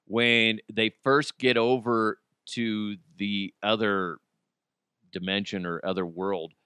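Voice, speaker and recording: Man, podcast host, bright clear voice, lively pitch, rambling, swears a lot. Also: takes it slowly, dry recording, studio quality. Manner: rambling, profane, jokey. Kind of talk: casual solo podcast monologue.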